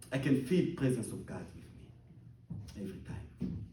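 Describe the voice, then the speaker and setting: A male pastor preaching with lively, rising and falling pitch, repeating phrases for emphasis. He swings between loud outbursts and hushed near-whispers. The voice sits back from the mic in a roomy, echoing space with faint ambient noise behind. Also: measured pace, far from the mic. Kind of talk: sermon.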